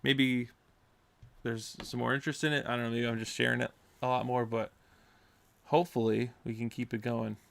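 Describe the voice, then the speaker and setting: A young man in casual podcast chat, giving rambling, halting explanations full of fillers. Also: medium pitch, little pitch movement, gravelly. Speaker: racing podcast participant.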